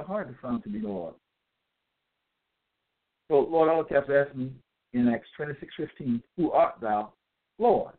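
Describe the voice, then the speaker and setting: A man delivering a scripture-citing monologue, reading out verse references and pausing to ask "okay?" as he goes. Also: mid-range voice. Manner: deliberate, checks in with "okay?"; spells out capitals, hesitant fillers. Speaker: self-styled religious teacher. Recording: tinny phone-like audio.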